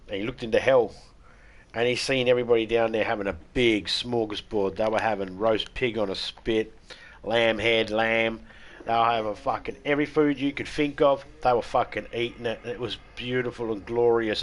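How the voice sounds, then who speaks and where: This Australian streamer's voice is mid-range and steady, at a normal speed. He keeps up loose gameplay chatter peppered with cheeky jokes and lots of profanity.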